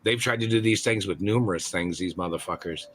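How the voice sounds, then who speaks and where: A man's voice: deep voice, brisk. Furious cursing man ranting hard. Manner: shouting, cursing, furious accusations. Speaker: caller on a livestream. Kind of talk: angry profane rant.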